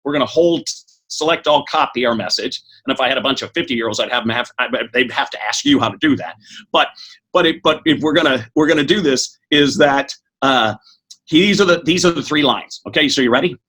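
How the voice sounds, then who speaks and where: A middle-aged man speaking as a podcast guest, giving an energetic motivational talk that is quick and full of restarts. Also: medium pitch, slightly rough. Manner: energetic, fast, with many restarts.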